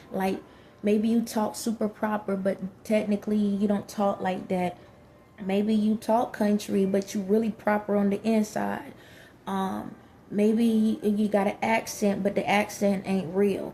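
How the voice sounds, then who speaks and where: A woman's voice: mid-range voice, warm tone, a little hiss or hum. A woman talking frankly and emphatically in a casual monologue, with many fillers. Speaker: vlogger.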